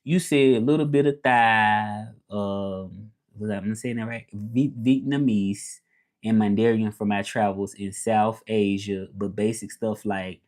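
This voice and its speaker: In a lowish voice with fairly even intonation and a measured pace, a Memphis, Tennessee man with a Southern US drawl chats casually on a livestream. Working as a language teacher, he stays laid-back and repeats himself while answering viewers.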